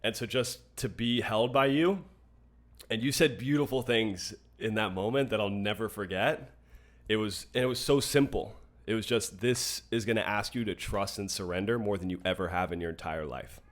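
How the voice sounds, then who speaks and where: A man's voice: fairly low pitch, moderate pace. A young man co-hosting a podcast, telling an emotional personal story in an earnest, open way with frequent restarts. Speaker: podcast co-host. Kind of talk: casual podcast conversation.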